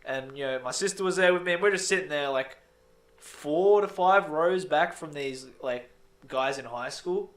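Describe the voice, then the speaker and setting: A man's voice: on the high side, normal speed. A young man co-hosting a casual podcast, telling a long rambling story and swearing freely. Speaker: podcast co-host. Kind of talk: casual chat.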